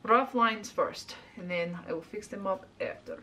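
A woman's voice: mid-range voice, measured pace, pushed and bright. A young woman chatting playfully through a makeup tutorial, theatrical and prone to talking about herself in the third person. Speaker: makeup vlogger.

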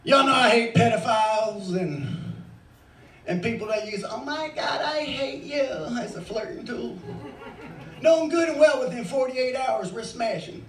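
Middle-aged male open-mic comic, crude, rambling and profane, with a high voice, caught from a distance in a roomy bar. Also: lively intonation, moderate pace. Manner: crude, rambling, swears freely. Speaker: stand-up comic. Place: bar stage. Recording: echoey bar, mic far off.

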